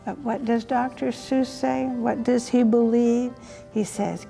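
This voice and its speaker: An older woman reads a storybook in an unhurried, gentle way, stopping to ask questions of the child she is reading to. Her voice sits a little high, with a mellow, gravelly texture. Soft music plays faintly behind her. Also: steady tone. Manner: gentle, asks the listener questions. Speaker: humane education reader.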